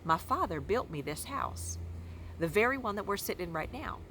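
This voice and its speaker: A woman voicing a gentle, talkative elderly librarian in a children's book read-aloud, drawing out her story and repeating "yes, ma'am". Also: mid-range voice, lively intonation, moderate pace, a little hiss or hum, pitched above the performer's own voice, close to an everyday voice, rough recording. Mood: reminiscing.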